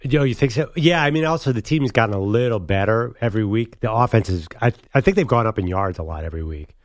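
A man's voice: on the low side, lively intonation, fast talker, dry recording. A man co-hosting a sports radio show, giving opinions casually and thinking aloud. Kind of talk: casual sports talk chat.

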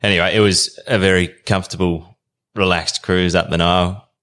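Deep-voiced man telling a story. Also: normal speed. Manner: relaxed, rambling storyteller. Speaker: podcast guest.

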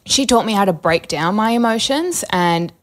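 A woman's voice: mid-range voice, animated, moderate pace. A young adult woman, a podcast guest, talking candidly in a rambling, chatty way full of fillers. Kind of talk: casual candid interview.

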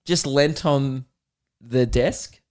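A man's voice: medium pitch, extremely slow, a little mellow. A man with an Australian accent, hosting a comedy podcast and telling a rambling story while laughing. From Melbourne, Australia.

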